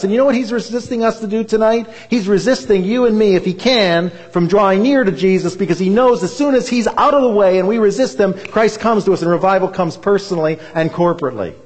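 Earnest male preacher, high voice, sermon in a big reverberant hall. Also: a little mellow. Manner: earnest, rises to impassioned. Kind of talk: revival sermon.

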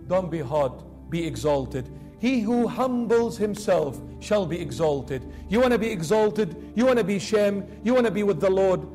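A man preaching a sermon with passion, rising to urgent appeals and dropping to hushed pleading. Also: high-pitched. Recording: faint music behind.

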